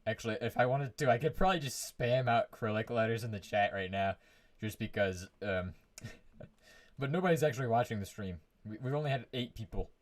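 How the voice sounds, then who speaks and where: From his own room, a man streams his game with casual live commentary in a mid-range voice, speaking fairly quickly. He rambles, hums to himself, and restarts his sentences often.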